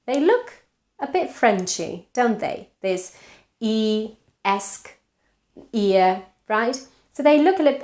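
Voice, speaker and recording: Spanish-accented woman teaching pronunciation. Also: a little high. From Spain. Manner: explains patiently, checks in with "yeah?" and "right?", reads word pairs slowly. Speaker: English pronunciation coach. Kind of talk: online pronunciation lesson.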